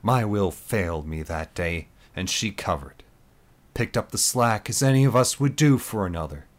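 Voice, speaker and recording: A man's voice: on the low side, animated, moderate pace, natural voice. A man playing an unhinged proud commander. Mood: calculating. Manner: forceful, declamatory speeches.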